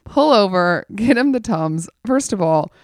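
A woman's voice: mid-range voice, a little slow, dry recording. Casual host, woman, chatty and wry, packs her talk with fillers, dry close sound. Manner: chatty, animated, many "like" fillers; wry, laughs through the telling. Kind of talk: casual chat storytelling.

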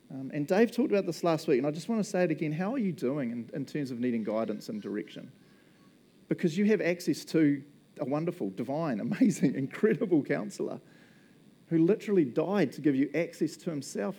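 Mellow-voiced New pastor, chatty and jokey. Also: male voice, fairly high pitch. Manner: chatty and jokey, laughs often, acts out little quoted voices. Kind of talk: casual conversational sermon.

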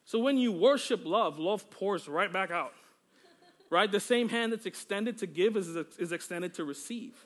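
A man's voice: sits high, moderate pace, fairly bright tone. A male pastor preaching a sermon during a church service. He is fervent and exclamatory, breaking into praise often and joking casually with the congregation.

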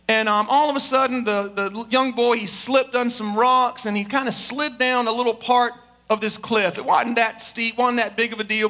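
A man's voice: high-pitched, pushed and bright. A man preaching a sermon as pastor, emphatic, building his points with repeated rhetorical questions.

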